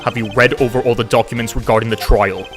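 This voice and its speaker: A severe, exacting mentor in his sixties who accepts nothing less than perfection, his voice pitched well below the reader's own, as a man puts him on. He barks orders in a measured, steady way, as in a game read aloud. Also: faint music behind, lightly acted. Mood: stern. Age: 60s. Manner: commanding, demanding. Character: stern older male mentor prosecutor.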